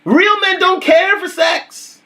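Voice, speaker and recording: A man's voice: extremely high pitch, steady tone, takes it slowly, sharp tone. A young adult man hosting a casual livestream, talking emphatically and repeating his points. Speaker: livestream host.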